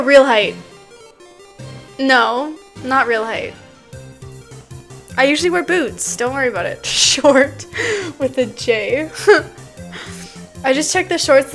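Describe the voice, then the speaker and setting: A woman's voice: sits high, a bit bright. A woman streamer chatting casually with her chat, giggling often and talking loosely with plenty of fillers. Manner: giggly, laughs often between sentences.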